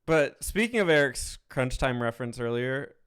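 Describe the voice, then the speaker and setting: A man with a smooth, resonant voice of average pitch chats on a live gaming podcast. He talks in an easygoing, joking way. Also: expressive, normal speed, a bit bright. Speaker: podcast co-host. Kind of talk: casual chat.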